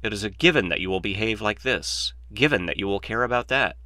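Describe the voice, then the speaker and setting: A man's voice: lowish voice, a little fast, bright, forceful tone, no room sound. A man voicing a glib, opinionated male mathematician in a dry, lecturing, sardonic manner, read as an audiobook. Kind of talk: audiobook reading.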